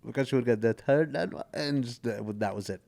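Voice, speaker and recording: A man in his forties, a stand-up comedian guest telling family stories in an animated, casual way and acting out the voices. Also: mid-range voice, brisk, gravelly. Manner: animated, acts out voices in anecdotes. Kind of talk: casual storytelling chat.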